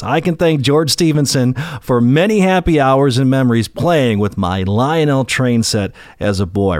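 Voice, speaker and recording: A man's voice: medium pitch, no room sound, studio quality. A man hosting a history show, telling the story in an emphatic, folksy way. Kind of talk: scripted history narration.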